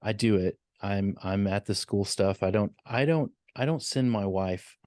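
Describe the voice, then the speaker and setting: Deep-voiced, matter-of-fact male guest. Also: darkish tone, dry recording, clean studio sound. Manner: measured, plain-spoken, matter-of-fact. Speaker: podcast guest. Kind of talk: casual podcast conversation.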